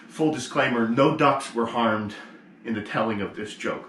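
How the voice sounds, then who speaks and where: A man, a priest, giving a short casual sermon and telling a joke in an animated way, with a camera propped on a mug. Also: mid-range voice, normal speed, a little hiss or hum. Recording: roomy echo with faint ambience.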